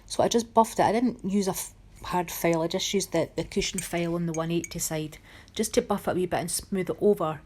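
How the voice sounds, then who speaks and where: A woman's voice: lowish voice, a little fast, a little mellow, a little hiss or hum. A woman narrating a nail art tutorial in a chatty, homely way, often critical of her own work. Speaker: nail art channel host.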